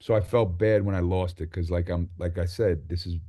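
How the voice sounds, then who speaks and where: A middle-aged man, a rapper as interview guest, telling stories in a rambling, animated way and acting out people he quotes. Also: low-pitched, a little fast. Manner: animated, acts out quotes with sudden loud outbursts; rambling, many restarts and fillers, swears freely. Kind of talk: casual interview storytelling.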